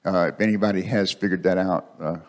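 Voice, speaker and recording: Male speaker, lower voice, relaxed conversational sermon with repeated phrases, church mic. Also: brisk. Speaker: guest speaker. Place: church sanctuary. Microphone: microphone.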